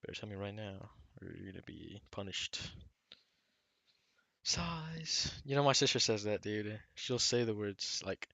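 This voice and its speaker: A man's voice: on the low side, normal speed, creaky, few pauses, no room sound. A man streaming a game live, chatting casually with viewers in a laid-back, teasing way and calling them "bro" constantly. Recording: loud game music behind the voice. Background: loud game music, keyboard clicks.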